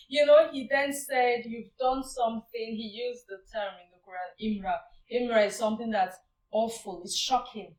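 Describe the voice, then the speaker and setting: A woman's voice: fairly high pitch, fairly quick. A woman tells a religious story to a listener, voicing the characters' shocked outbursts as she goes. She is set back from the microphone, and the room gives her voice a roomy echo. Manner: animated retelling, acting out exclamations. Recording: roomy and distant from the mic.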